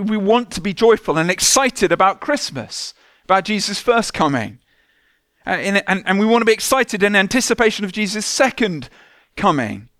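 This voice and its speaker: A man, a church minister giving a relaxed, conversational sermon with light self-mocking humour. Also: sits high, no room sound, clean studio sound. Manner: conversational, self-deprecating humour, soft prayerful tone when praying.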